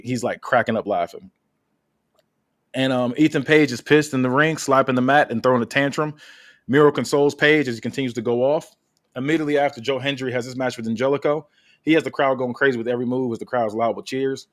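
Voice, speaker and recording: A man hosting a podcast, casually reading out a wrestling story with many fillers. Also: medium pitch. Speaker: podcast host.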